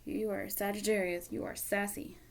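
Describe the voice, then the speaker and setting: A woman's voice: medium pitch, flat delivery, a little fast, vocal fry, slight background noise. A woman giving a casual tarot reading to camera, candid and emotional, dropping at times into a near whisper. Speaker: tarot reader.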